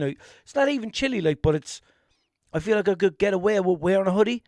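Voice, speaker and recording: A man's voice: high voice, expressive, quick pace, darkish tone, dry recording, clean studio sound. A man with a Limerick Irish accent hosting a solo comedy podcast, rambling and self-mocking, swearing casually. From Ireland. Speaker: podcast host.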